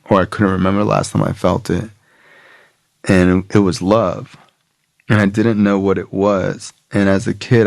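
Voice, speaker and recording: A man's voice: sits low, creaky, dry recording, clean studio sound. A young man telling a long personal story in casual talk, swearing and acting out what others said. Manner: rambling, profane, acts out quotes. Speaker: podcast guest.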